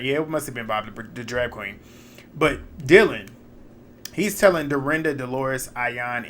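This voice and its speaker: A man giving a casual, animated recap of a reality show, retelling scenes in slangy talk and laughing often. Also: medium pitch, a little hiss or hum.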